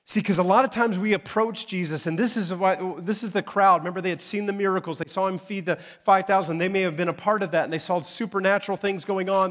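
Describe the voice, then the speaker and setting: With a high, steady voice, a pastor preaches quickly and with few pauses. He addresses the congregation directly and conversationally, alternating forceful climaxes with soft side remarks.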